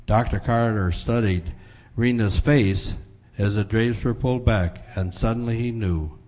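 A man's voice: lowish voice, fairly even intonation, a little mellow. A male preacher tells a story in a plain, folksy manner, stopping on "uh" now and then. His voice sits mid-range. The recording is dull and carries a long hall reverb. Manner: folksy, pauses with fillers. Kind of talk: sermon storytelling.

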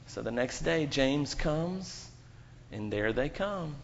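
Animated man telling a children's story. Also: on the high side, takes it slowly, gravelly, a little hiss or hum. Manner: lively, animated storytelling with character voices. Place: church sanctuary. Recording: muffled church recording with hall reverb.

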